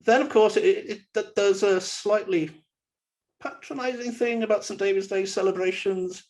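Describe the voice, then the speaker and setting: A man's voice: high-pitched, moderate pace, a little mellow. A man giving an online webinar lecture in a conversational way, with frequent fillers and restarts. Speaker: university lecturer.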